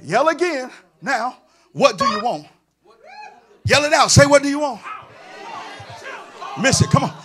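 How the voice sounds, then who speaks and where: A male pastor preaching a sermon in a church, moving into a sing-song, shouted cadence and calling on the congregation to answer back. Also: very high voice, animated, a little slow, pauses often, husky. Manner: call-and-response with the congregation. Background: music.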